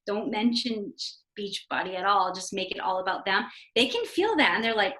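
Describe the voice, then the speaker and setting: A woman's voice: mid-range voice, lively intonation, moderate pace, few pauses, a bit bright, low-quality recording. A woman chatting on a team call, sharing sales tips in a bubbly, casual way full of "like" and "oh my gosh". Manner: bubbly, uses "like" and "oh my gosh" a lot.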